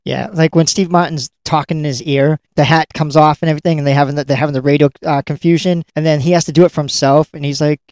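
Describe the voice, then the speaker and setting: A young man talking loosely about a movie with a co-host. His voice sits a little high and the sound is dry and close. He fills the gaps with filler words and laughs along. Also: fairly even intonation, fast, hardly any pauses, a little mellow, no room sound. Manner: rambling, laughs, many fillers. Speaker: podcast co-host. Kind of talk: casual movie review chat.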